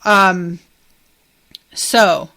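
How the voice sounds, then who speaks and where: A woman's voice: lowish voice, fairly even intonation, very slow, sharp tone. A woman hosting a podcast, recapping a TV episode in a chatty, profane way and laughing often. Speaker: podcast host.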